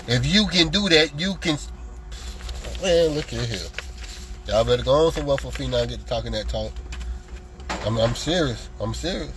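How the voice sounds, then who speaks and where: A man on a heated solo rant, his voice sitting a little high for a man. He taunts and lectures, jumping from loud jabs to low muttered asides. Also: low-quality recording. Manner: animated, taunting, swings between loud and muttered. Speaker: lottery content creator.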